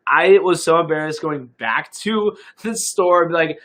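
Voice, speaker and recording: A man's voice: fairly high pitch, moderate pace, a bit bright. A young man, a fitness coach, chatting casually on a livestream and answering viewer questions in an upbeat way.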